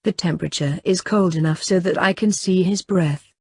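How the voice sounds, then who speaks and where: Low, husky woman narrating an audiobook. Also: normal speed, no room sound, studio quality. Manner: steady, even first-person reading. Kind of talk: scripted narration.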